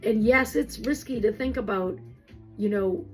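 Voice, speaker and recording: A woman's voice: mid-range voice, a little slow, a little mellow, faint music behind, low-quality recording. A woman life coach giving a casual, emphatic motivational talk, speaking straight to her listeners with some mild swearing.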